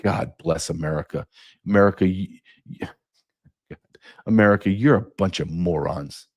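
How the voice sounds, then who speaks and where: Angry deep-voiced man ranting. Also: unhurried, darkish tone. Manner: angry, ranting, profane, rhetorical questions. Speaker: podcast host. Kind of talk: impassioned monologue.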